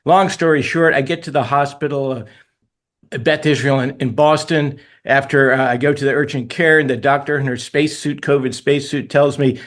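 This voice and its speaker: A man's voice: medium pitch, normal speed. A middle-aged man, an author guest on a radio interview, telling stories animatedly and laughing at himself. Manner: animated, tells stories with self-deprecating laughs.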